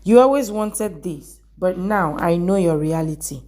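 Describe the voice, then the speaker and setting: Vengeful young man read by a woman narrator, low-ish and level, drama recap. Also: expressive, measured pace, a little mellow. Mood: bitter. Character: angry vengeful young man forcing a wedding.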